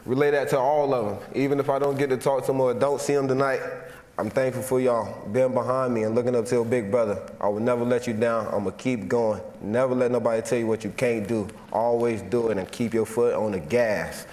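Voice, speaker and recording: A man in his twenties from Florida, giving an award acceptance speech from a stage in a large hall, heartfelt and halting, repeating himself as he holds back emotion. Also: mid-range voice, steady tone, darkish tone. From Florida, USA. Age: 20s. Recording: echoey hall with long reverb and faint noise.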